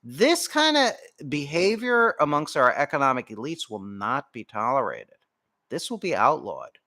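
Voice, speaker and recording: A man's voice: medium pitch, wildly swooping pitch, moderate pace, sharp tone. A man hosting a political commentary show, delivering an indignant, profanity-laced rant. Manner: indignant, swearing, emphatic.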